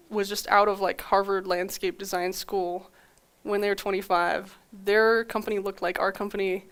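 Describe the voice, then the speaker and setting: A young adult woman giving a conference talk speaks in a smooth, medium-pitched voice. She's animated as she tells a story, performing quoted lines and laughing often.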